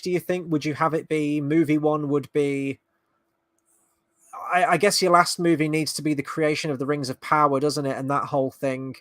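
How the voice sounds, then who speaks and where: A man's voice: fairly high pitch, a bit bright, no room sound. A man hosting a fan reaction video, talking casually with sarcastic, exasperated commentary and frequent swearing.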